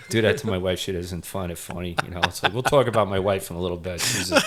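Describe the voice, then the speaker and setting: A man's voice: low voice, fast, few pauses, a bit bright. A middle-aged man, a retired firefighter, telling firehouse stories in a rambling, casual way, full of "you know" fillers. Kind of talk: casual storytelling interview.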